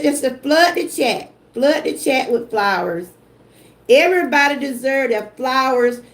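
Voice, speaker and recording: An older woman with a drawl chats on her livestream, greeting viewers and thanking supporters. Her voice sits high, and she talks slowly and emotionally. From Georgia, US. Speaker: YouTube live streamer. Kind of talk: casual livestream chat.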